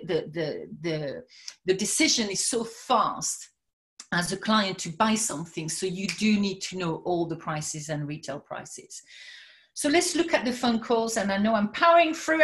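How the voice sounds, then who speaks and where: Energetic woman coaching salon staff. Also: mid-range voice. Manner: energetic, emphatic, repeats words for stress. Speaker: spa and salon business coach. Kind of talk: webinar presentation.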